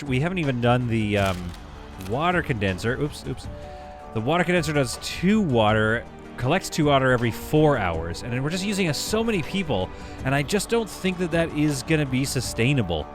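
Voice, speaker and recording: Young male let's-play host, chatty and self-correcting, mid-range voice, faint game music behind. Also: medium pitch. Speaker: gameplay video host. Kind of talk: casual let's-play commentary.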